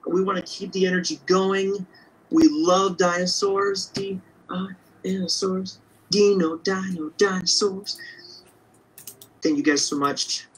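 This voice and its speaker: A man's voice: fairly high pitch, fairly bright tone, a little hiss or hum, rough recording. A man drawing live and chatting with viewers in an upbeat, casual way, thinking aloud as he sketches. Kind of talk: casual livestream chat while drawing.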